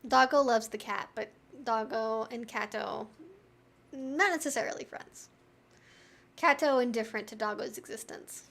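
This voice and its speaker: High-voiced chatty woman streamer. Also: moderate pace, vocal fry, fairly bright tone. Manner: chatty and candid, peppered with "like". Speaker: live-stream host answering viewer questions. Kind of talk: casual live-stream Q&A chat. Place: at home with her pets.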